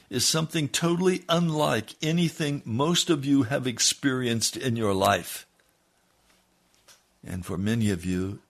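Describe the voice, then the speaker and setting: A man preaching a sermon, reading aloud from a book and then pleading with his listeners, dropping low and quiet and then building to loud, emphatic appeals. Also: vocal fry, breathy edge. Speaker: pastor.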